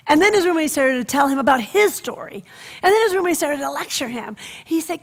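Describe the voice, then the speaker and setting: A woman minister giving a sermon, telling stories in an expressive way that drops to soft, hushed passages. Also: sits high, brisk, gravelly.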